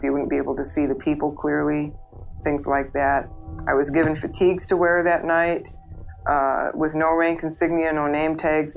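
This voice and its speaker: A woman giving a halting personal testimony, pausing often with fillers as she recounts events. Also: low-pitched, a little hiss or hum, rough recording. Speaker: interviewee.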